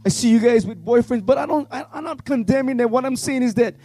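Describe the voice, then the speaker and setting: A man leading worship, preaching with fervent, pleading passion that swings from shouts to hushed tones. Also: very high-pitched, quick pace, soft background music. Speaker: worship leader. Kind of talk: impassioned youth revival sermon.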